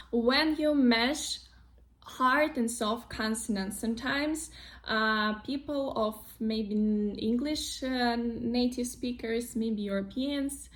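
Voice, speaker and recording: A young woman with a Russian accent teaching pronunciation in a casual online lesson, patiently repeating example words. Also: on the high side.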